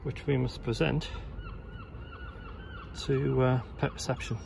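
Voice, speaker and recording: Gravelly guy narrating his road trip, chatty, loud engine noise behind. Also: slow pace. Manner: chatty, talks to the dog in an excited higher voice. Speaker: vlogger. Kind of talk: casual travel vlog narration.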